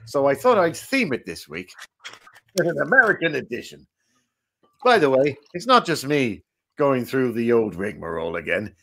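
A man's voice: medium pitch, very animated, normal speed, vocal fry, sharp tone, slight background noise, exaggerated voice. A man playing a jovial, rambling game-show host who is dead and in heaven, hosting a comic improvised quiz. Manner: chummy, rambling, self-mocking banter.

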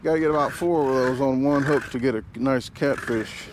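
A man's voice: mid-range voice, brisk, noisy background. A man hosting a casual outdoor vlog, rambling and joking with lots of fillers, recorded on an action camera in the woods. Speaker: vlogger.

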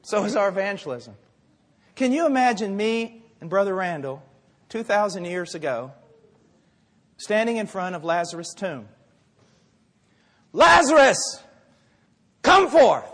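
A man preaching a sermon with great fervor, dropping to quiet asides and rising to shouts. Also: high-pitched, expressive, normal speed, pauses often. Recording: long hall reverb.

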